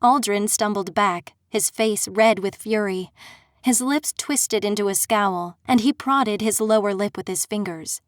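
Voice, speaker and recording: Woman, audiobook narrator, steady dramatic telling, mid-pitched voice, dry close sound. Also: measured pace, dry recording. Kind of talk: first-person audiobook narration.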